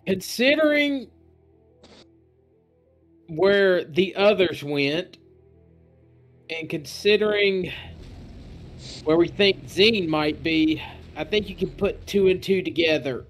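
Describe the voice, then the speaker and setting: A man playing a tabletop role-playing game, speaking in a measured way as he reasons things out in character. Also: high voice, expressive, faint music behind. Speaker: player.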